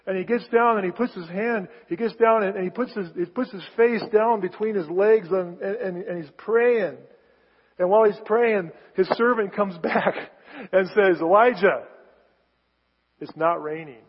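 A husky, fairly high-voiced man preaches to his congregation, acting out scripture scenes in a casual, conversational way. His voice rings through a church sanctuary with a long reverb, and the recording sounds a little dull. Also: moderate pace. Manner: conversational preaching, acts out biblical dialogue with rising intensity. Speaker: pastor. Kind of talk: sermon.

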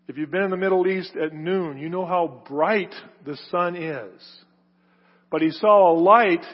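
A preacher with a fairly high, husky voice delivers an emphatic sermon, swelling on key words and then sinking to a hush. His voice rings with a long hall reverb, and the recording sounds dull and lo-fi. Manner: emphatic, builds to loud stressed phrases then drops low.

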